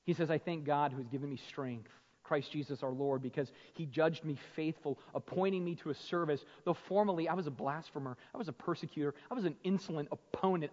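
A male pastor preaching a sermon, swinging from hushed, slow emphasis to loud, fervent passages. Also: on the high side, fairly even intonation. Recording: muffled sound with long hall reverb.

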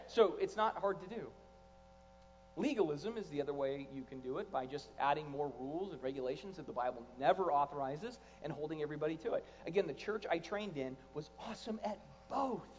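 A man preaching a sermon as a pastor, talking in a lively conversational way and acting out quoted voices. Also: on the high side, moderate pace. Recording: long hall reverb, dull lo-fi sound, faint noise.

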